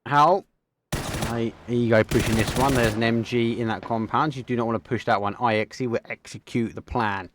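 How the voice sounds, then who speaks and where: A young man with an Essex accent giving live esports game commentary, excitable, with quick bursts and casual slang. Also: mid-range voice, a little hiss or hum. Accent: Essex English. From England, Essex. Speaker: esports caster.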